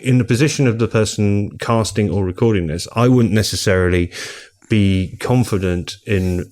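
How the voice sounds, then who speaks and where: A middle-aged man with a fairly low voice hosts a relaxed book podcast. He chats easily and keeps the conversation moving with questions. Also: normal speed. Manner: chatty, leads the discussion with questions. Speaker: podcast co-host. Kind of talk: casual podcast chat.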